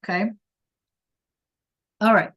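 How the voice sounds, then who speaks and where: A woman's voice: slow, a bit bright. A woman teaching a Spanish class over a video call, praising students by name and encouraging them.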